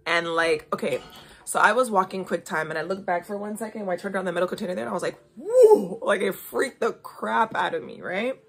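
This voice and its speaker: A woman's voice: fairly low pitch, fast, vocal fry, fairly bright tone, breathy edge. A young woman hosting a casual spiritual chat, talking emphatically and coaxing her listeners, often checking in with "okay?". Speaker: podcast host giving intuitive readings.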